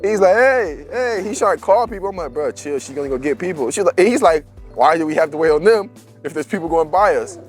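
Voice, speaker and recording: A man's voice: a little high, expressive, fast, soft background music. A young man telling a story in casual, slangy chat and laughing as he goes.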